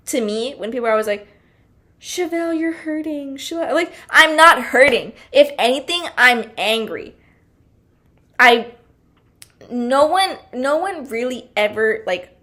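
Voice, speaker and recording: A young woman talks through a casual podcast monologue with a bright, ringing tone that sits a little high. She is chatty and bubbly, frank and fired-up, and she laughs easily between her many filler words. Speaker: podcast host.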